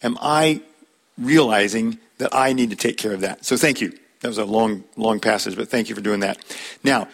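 A man's voice: fairly low pitch, normal speed, vocal fry, a bit bright. A middle-aged man leading a conversational Bible study, plain-spoken and folksy, telling personal stories and calling on listeners by name to read verses. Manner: folksy, tells personal anecdotes with light laughs.

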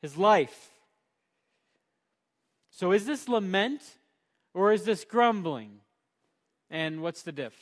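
A male pastor preaching a sermon, emphatic, moving between loud punchy lines and quiet low ones, slowing down to stress key words. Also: expressive.

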